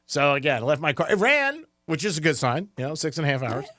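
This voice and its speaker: A man's voice: fairly high pitch, sing-song, fast talker, pushed and bright, dry recording. A middle-aged man on a radio show, telling rambling, self-mocking stories and laughing often. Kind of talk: casual radio banter.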